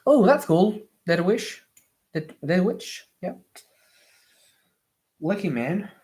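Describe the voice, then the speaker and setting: A live streamer chatting casually while building with LEGO, answering viewer comments in slightly awkward non-native English, with lots of pauses and restarts. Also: mid-range voice, expressive, darkish tone. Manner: hesitant, many fillers and restarts.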